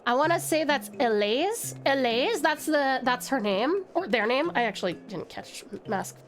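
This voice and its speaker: A woman's voice: high voice, animated, moderate pace, slight background noise. Bubbly woman streaming a game. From Tasmania, Australia. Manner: bubbly, affectionate, swears casually. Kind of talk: live game stream chat. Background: game music.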